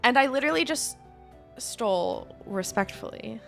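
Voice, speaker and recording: A woman's voice: a little high, expressive, moderate pace, vocal fry, fairly bright tone, soft background music. A woman talking casually as a guest about role-playing games, rambling with many fillers and restarts. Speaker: podcast guest, D&D player. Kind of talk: casual chat.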